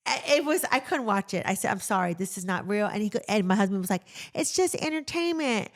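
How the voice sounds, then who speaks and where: A middle-aged woman, a nurse co-hosting a casual podcast and telling animated stories. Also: medium pitch, fast. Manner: animated storytelling, acts out quotes loudly. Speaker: podcast co-host, jail nurse. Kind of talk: casual chat.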